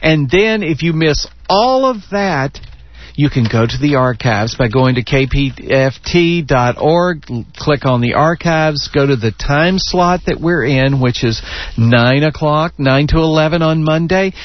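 A man's voice: fairly high pitch, expressive, a little slow, slight background noise. A man co-hosting a talk radio show in a chatty, effusive way. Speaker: radio co-host. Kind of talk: casual talk radio chat. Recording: dull lo-fi radio recording.

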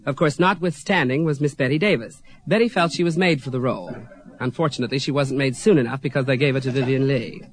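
A man performing theatrical, campy stage comedy patter with quick asides. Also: mid-range voice. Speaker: drag comedian.

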